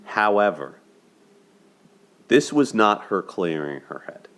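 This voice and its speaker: A man with a low, deep voice talks through a film's love story in a loose, chatty way. He often checks in with his listeners by asking "right?" and laughs as he goes. It sounds like a relaxed host's commentary. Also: slow. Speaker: host of a dating and movie commentary show. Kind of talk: casual spoken movie breakdown.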